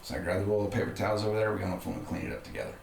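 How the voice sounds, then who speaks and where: Deep-voiced man telling a candid story. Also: fairly even intonation, rapid-fire, gravelly. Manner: candid, conversational, frequent restarts. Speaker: podcast guest. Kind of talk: casual personal storytelling. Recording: roomy room with faint background noise.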